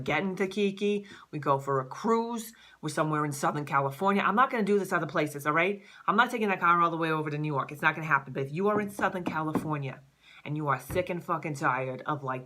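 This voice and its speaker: A woman in her thirties talking straight to camera in a casual vlog as a life coach, animated and profane, peppering her talk with "like". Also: deep voice. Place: Southern California.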